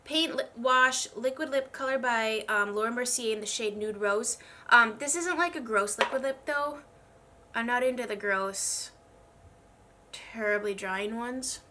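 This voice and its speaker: A woman's voice: on the high side, unhurried, pushed and bright, slight background noise. A young woman chatting casually while doing her makeup, sounding congested and struggling a little to speak, rambling and poking fun at herself. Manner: chatty, self-deprecating, rambling. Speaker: beauty vlogger. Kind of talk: casual get-ready-with-me chat.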